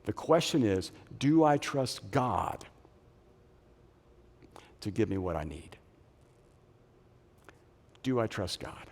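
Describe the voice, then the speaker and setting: A middle-aged man preaching a sermon as a pastor, animated, moving between loud punchy lines and soft low phrases. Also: slow, gravelly, long pauses. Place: church auditorium. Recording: long reverb of a large hall.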